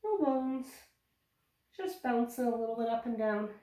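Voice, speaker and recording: A woman's voice: fairly high pitch, little pitch movement, a little fast, warm tone. A woman leads a yoga class for small children, calling out poses in a cheerful, encouraging way. Her voice comes from across an echoey room, caught by a camera mic some distance away. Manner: cheerful, encouraging step-by-step instructions. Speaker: yoga teacher.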